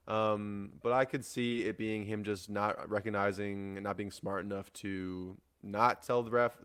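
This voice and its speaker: A man's voice: on the low side, clean tone. A man hosting a solo fight-news show, rambling in a casual way with lots of fillers, restarts and swearing. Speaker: MMA podcast host.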